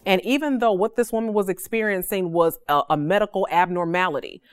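A woman's voice: medium pitch, brisk, smooth, dry recording. A woman in her forties hosting a podcast, teaching a devotional in a casual, emphatic way and often checking in with "okay?".

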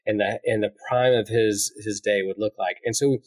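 A man's voice: on the low side, fairly even intonation, normal speed, husky. A man in his forties co-hosting a casual podcast chat, telling a long story in a reflective way. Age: 40s. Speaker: podcast co-host.

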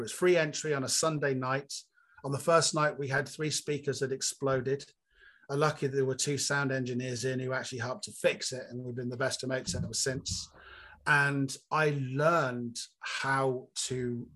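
A comedian guest from Cornwall, telling candid, animated anecdotes with self-mocking asides in an interview. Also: male voice, mid-range voice. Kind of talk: storytelling interview chat.

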